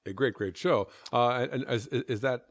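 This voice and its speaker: A man's voice: medium pitch, moderate pace. A male interviewer asking questions casually, often stammering and repeating words.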